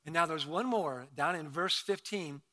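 A male pastor preaching a sermon in a conversational way, breaking into loud emphatic bursts. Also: fairly high pitch, moderate pace, long reverb tail.

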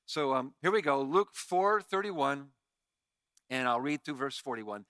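A man preaching a sermon as pastor, reading scripture in an animated, emphatic way. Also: mid-range voice, unhurried, clear, resonant tone, no echo.

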